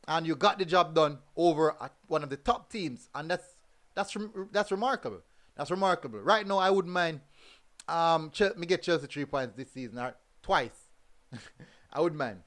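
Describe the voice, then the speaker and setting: A fairly high-voiced man with a lilt talks through football results in a loose, chatty review. He hammers his points home by saying the same phrase twice. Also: a bit bright. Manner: repeats phrases for emphasis. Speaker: football review show host. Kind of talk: casual live football review talk.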